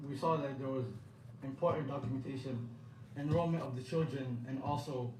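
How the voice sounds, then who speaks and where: A man speaking as a daycare spokesperson, giving an earnest prepared statement in measured, halting phrases. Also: mid-range voice, darkish tone. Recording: roomy echo, distant mic, faint background hum.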